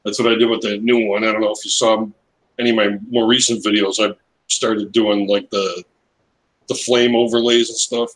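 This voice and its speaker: A man co-hosting a casual live stream, chatty and quick to joke. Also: on the low side, flat delivery, slight background noise, low-quality recording. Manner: chatty and joking.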